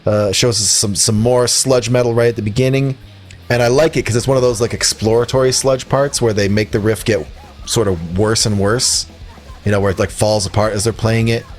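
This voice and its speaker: A man's voice: fairly low pitch, steady tone, brisk. A man co-hosting a music podcast in casual chat, rambling and joking as he reviews a record, laughing at his own lines, with faint music behind him.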